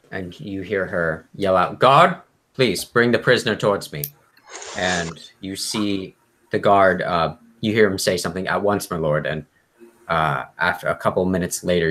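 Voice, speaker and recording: A young man narrating as game master, halting with many fillers. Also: sits low, fairly bright tone, slight background noise.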